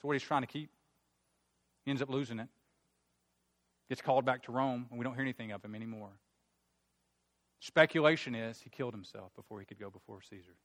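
A man preaching a sermon, retelling a Bible story in a conversational, animated way. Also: mid-range voice, fairly quick, long pauses.

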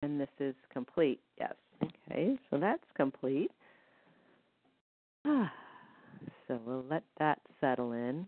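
A woman's voice: very deep voice, animated, takes it slowly, long pauses, no room sound. Woman counting waltz beats over a phone line. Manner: gentle, counts rhythms aloud. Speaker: energy healing practitioner. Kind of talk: guided healing session. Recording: dry, tinny phone-like line.

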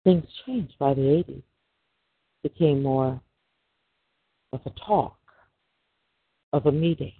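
A man's voice: on the high side, slow pace, long pauses, breathy edge, no room sound. A middle-aged man, a podcast host, giving a preachy religious monologue full of rhetorical questions. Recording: dry, tinny phone-line sound.

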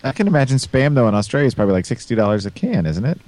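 A man's voice: mid-range voice, big pitch swings, rapid-fire, darkish tone. A man co-hosting a podcast in casual chat, rambling with crude jokes and lots of fillers over a remote call mic. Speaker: podcast co-host.

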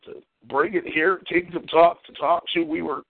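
A man's voice: fairly high pitch, steady tone, moderate pace, creaky, husky, no room sound. A man hosting a casual talk show, ranting profanely and venting. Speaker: podcast host. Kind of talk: casual chat. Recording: tinny phone line.

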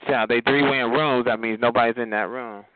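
A man's voice: medium pitch, steady tone, a little fast. A man trash-talking on a phone party line, sassy and flamboyant, calling everyone child and honey. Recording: tinny phone line with loud crowd noise.

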